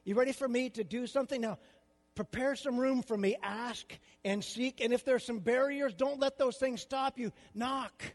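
High-pitched older pastor in a hall. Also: male voice, normal speed. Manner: conversational preaching, rhetorical questions. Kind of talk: sermon.

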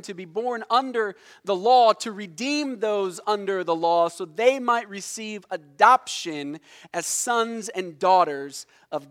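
A man preaching a sermon, explaining word meanings deliberately and emphatically, dropping low and soft on key words. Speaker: pastor.

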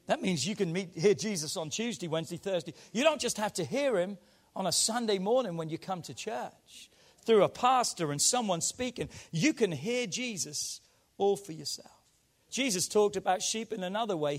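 A man, a church pastor, preaching a conversational sermon to his congregation, now hushed and quiet, now rising with emphasis. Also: high-pitched, animated, normal speed.

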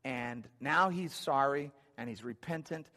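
A man's voice: medium pitch, measured pace, sharp tone. A man preaching a sermon, telling stories in a conversational way with dry humor. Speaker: pastor. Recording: long hall reverb.

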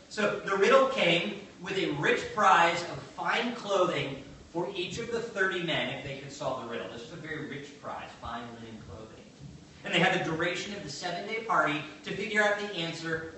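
A man preaching a sermon in an animated, conversational way, telling a story and acting out the quotes. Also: fairly high pitch, normal speed, a little hiss or hum. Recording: very echoey, distant mic, faint ambience.

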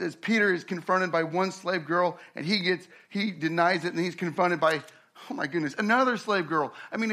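A man preaching a sermon, acting out the people in his story and swinging from hushed, slow passages to loud, fast ones. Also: on the high side. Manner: dramatic preaching, acts out quoted voices, swings from hushed to loud. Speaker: pastor.

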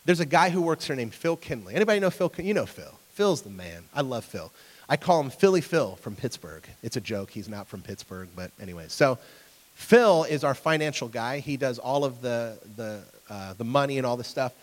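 A man's voice: mid-range voice, animated, fairly quick. Man preaching in a reverberant hall. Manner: conversational, asks the audience questions; acts out voices in anecdotes. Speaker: pastor. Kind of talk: sermon. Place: church hall with an audience.

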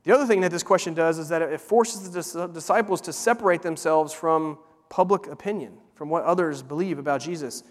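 A man preaching a sermon, earnest and emphatic, slowing down to repeat words for weight. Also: fairly high pitch. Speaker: pastor. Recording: long hall reverb.

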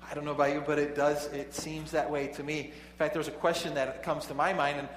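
A man with a fairly high voice preaches in a big, echoey hall, with a faint hum behind him. He reads scripture and then drifts into a chatty story, chuckling and restarting his sentences as he goes. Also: flat delivery, a little fast. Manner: conversational, chuckling asides, frequent restarts. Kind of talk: sermon with storytelling.

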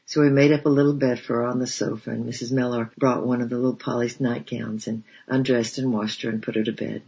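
A man narrating a storybook in a measured, steady reading voice. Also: mid-range voice, gravelly, slightly rough. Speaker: audiobook narrator. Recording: dull lo-fi recording.

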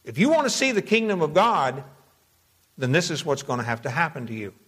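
Slow, deliberate preacher man, higher voice. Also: sing-song, a bit bright, breathy edge. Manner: measured teaching, slows to dwell on key words; reads scripture aloud in King James wording. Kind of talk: expository sermon.

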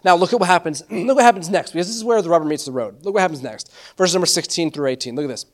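High-voiced animated male pastor preaching. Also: very fast. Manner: animated preaching with quoted asides and restarts. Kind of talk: sermon.

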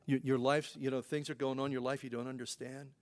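A man's voice: medium pitch, flat delivery, fast, a little mellow. A man preaching a conversational sermon as a pastor, folksy and full of rhetorical questions. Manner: folksy, rhetorical questions, frequent "you know" fillers.

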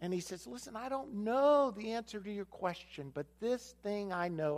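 A man's voice: high voice, normal speed, hardly any pauses. A man preaching a sermon, retelling a Bible story and acting out its dialogue, with repeated phrases for emphasis. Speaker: pastor.

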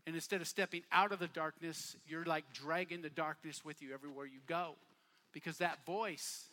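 A man preaching a sermon at a youth camp, casual and repetitive, building from quiet talk to shouting bursts. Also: fairly high pitch. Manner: casual, repeats phrases for emphasis. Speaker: youth pastor. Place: camp meeting hall.

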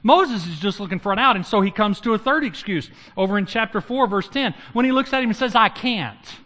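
A pastor with a high-pitched voice talks fast as he preaches a sermon. He retells Bible stories in a lively way, acting out the biblical characters with humor.

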